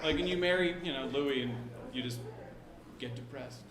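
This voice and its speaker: Man haltingly telling a stand-up joke, echoey room. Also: medium pitch. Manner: halting, repeating setups. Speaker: stand-up comedian. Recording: echoey room with live crowd.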